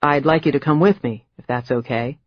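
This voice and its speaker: A polite, persistent man, voiced by an audiobook narrator who keeps calmly pressing his case. The voice stays close to the plain narration. The sound is dry and a little dull. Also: medium pitch, fairly quick, no echo, close to an everyday voice. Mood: patient. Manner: polite, patient, persuasive. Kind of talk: audiobook character voice.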